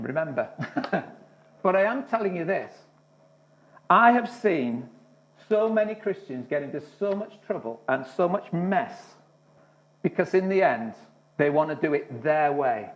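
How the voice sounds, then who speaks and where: Man preaching, high voice, earnest, muffled lo-fi recording. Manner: earnest, often restarts words, chuckles between points. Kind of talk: sermon. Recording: dull lo-fi recording.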